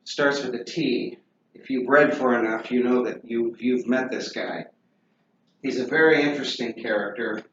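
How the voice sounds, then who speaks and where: A man giving a classroom lecture, halting with many ums and uhs and spelling names out loud. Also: medium pitch. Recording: roomy, dull lo-fi with faint noise.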